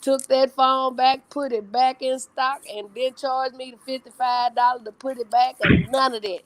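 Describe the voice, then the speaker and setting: A woman's voice: sits high, fairly even intonation, normal speed. A woman chatting on an online call, telling a folksy story full of "oh, baby" and "honey". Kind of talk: casual chat.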